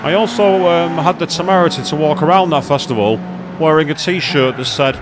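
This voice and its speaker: A man's voice: fairly high pitch, normal speed, noisy background. A man chatting casually and rambling as he streams a racing game live. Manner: rambling, chatty, self-deprecating. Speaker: gaming streamer. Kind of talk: live gameplay commentary and chat.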